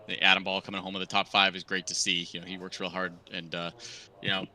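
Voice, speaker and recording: A man's voice: deep voice, completely flat delivery, fast talker, bright, forceful tone. A man from Massachusetts giving a rambling post-race winner's interview full of fillers. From Medford, Massachusetts.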